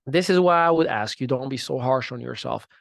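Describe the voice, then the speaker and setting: A man in his thirties hosting a podcast, giving an emphatic motivational talk that swings from loud to soft. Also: medium pitch, fairly quick, vocal fry, dry recording, clean studio sound. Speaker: podcast host.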